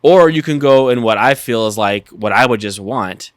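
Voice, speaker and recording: A man's voice: medium pitch, normal speed, no echo. A man co-hosting a casual podcast, earnestly explaining his opinions. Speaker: podcast co-host.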